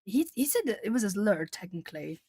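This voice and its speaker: A woman's voice: mid-range voice, very animated, fast, dark tone, husky. A woman from southern Brazil, a native Portuguese speaker, chatting casually on an art livestream, rambling with plenty of fillers. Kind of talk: casual chat with live chat.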